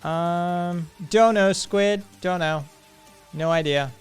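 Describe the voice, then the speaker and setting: A man's voice: high-pitched, takes it slowly, clear, resonant tone, faint music behind. A man co-hosting a live stream, chatting casually, swearing and reading chat aloud. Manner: laid-back, swears, reads chat aloud. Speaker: stream co-host.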